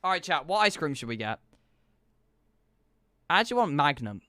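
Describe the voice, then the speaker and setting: A man's voice: a little high, moderate pace, dry recording, clean studio sound. A young man, a streamer, chatting casually and joking back and forth with his live chat. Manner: animated, joking banter with chat.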